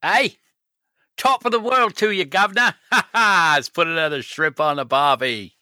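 A man's voice: a little high, slow pace, bright, forceful tone, no room sound, studio quality, pitched above the performer's own voice, heavily acted. A man voicing a jokey character in a mangled mix of British and Australian accents, hammy and playful. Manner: over-the-top, playful.

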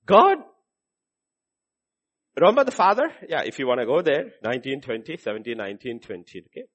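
A man preaching a sermon, moving from low musing asides to loud, animated passages where he acts out the voices of the people he quotes. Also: normal speed, long pauses. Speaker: pastor.

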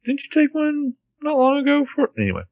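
A man's voice: extremely high pitch, wildly swooping pitch, fairly quick, a little mellow, dry recording, dull audio. A man co-hosting a podcast, retelling a TV episode with wry, sarcastic asides. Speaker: podcast co-host. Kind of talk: casual TV recap chat.

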